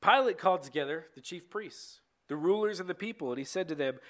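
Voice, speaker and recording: A man reading a bible passage aloud in a steady way, with occasional slips and restarts. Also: high-pitched, a little fast, few pauses. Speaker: scripture reader.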